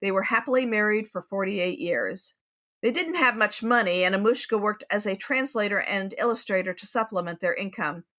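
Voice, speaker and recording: A woman's voice: mid-range voice, moderate pace, a bit bright. A woman co-hosting a TV recap podcast, chatting casually, laughing often and reading a history segment steadily. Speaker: podcast co-host.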